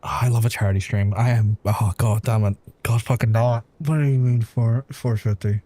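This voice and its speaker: A man streaming live, overwhelmed and swearing, holding back from shouting. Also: medium pitch, fairly even intonation, a little fast. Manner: emotional, swearing, restrained from shouting. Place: room at home.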